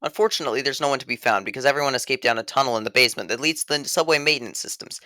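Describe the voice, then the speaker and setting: A man's voice: mid-range voice, racing, sharp tone, faint music behind. A man narrating a scripted video game review voice-over in a sarcastic, mock-serious way.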